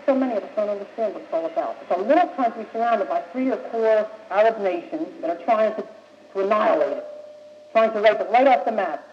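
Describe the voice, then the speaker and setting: Young American man, high voice, blunt and insistent talker; old muffled tape in an echoey room. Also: a little hiss or hum. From United States. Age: young adult. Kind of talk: impassioned speech.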